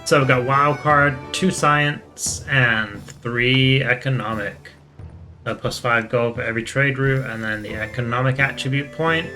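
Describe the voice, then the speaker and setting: A man hosts a strategy game playthrough and reads the game's text aloud in an even, matter-of-fact way. He breaks off now and then for casual asides. His voice is bright and crisp at a middle pitch, with soft guitar music in the background. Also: measured pace. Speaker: gaming channel host.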